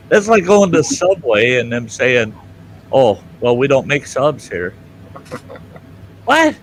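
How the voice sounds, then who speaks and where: An older man telling a story in casual chat, animated and loud, jumping into outraged voices for the people he quotes. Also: medium pitch, a little hiss or hum. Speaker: show host telling a story.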